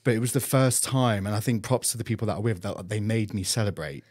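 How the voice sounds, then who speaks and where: A man's voice: fairly low pitch, fast talker, darkish tone. A man hosting a podcast, chatting casually and laughing often at himself. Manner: self-deprecating, laughs often. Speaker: podcast host. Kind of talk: casual chat.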